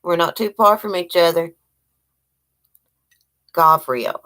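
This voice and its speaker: A woman's voice: deep voice, animated, measured pace, fairly bright tone. A middle-aged woman from Virginia, hosting a casual live chat and greeting viewers by name in a rambling, chatty way. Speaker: livestream host.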